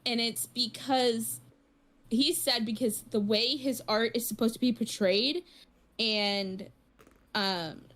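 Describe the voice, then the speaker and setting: A woman's voice: on the high side, fairly even intonation, slow pace, fairly bright tone. A woman co-hosting a podcast, retelling a story in casual chat with lots of fillers and restarts. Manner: rambling storytelling with many fillers. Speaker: podcast co-host.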